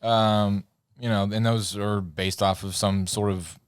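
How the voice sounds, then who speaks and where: A man's voice: lowish voice, steady tone, measured pace, smooth, no echo, clean studio sound. A man co-hosting a podcast, telling stories in a rambling, laughing way and losing his words now and then. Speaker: podcast co-host. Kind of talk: casual podcast chat.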